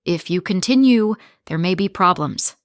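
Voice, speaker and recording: A woman voicing a strict male school principal who speaks firmly in short, measured sentences. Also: fairly low pitch, expressive, no room sound, studio quality, lightly acted. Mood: warning. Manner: firm, measured, few words.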